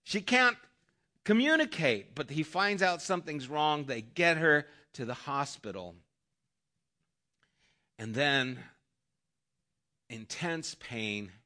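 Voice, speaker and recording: A man preaching a sermon as a pastor, retelling a story and quietly voicing the quoted thoughts. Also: medium pitch.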